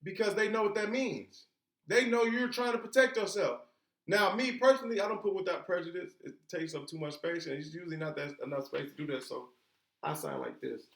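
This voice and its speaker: A man's voice: high-pitched, fairly quick, a bit bright. A man giving an informal lesson, emphatic and colloquial, posing rhetorical questions and then answering them himself. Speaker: instructor. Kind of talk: informal teaching talk. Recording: echoey room.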